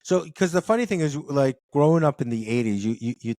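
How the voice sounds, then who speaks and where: A man's voice: mid-range voice, expressive, a little fast, darkish tone, dry recording, studio quality. A man hosting an interview, chatty and joking, with lots of restarts. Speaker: podcast host. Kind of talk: casual interview.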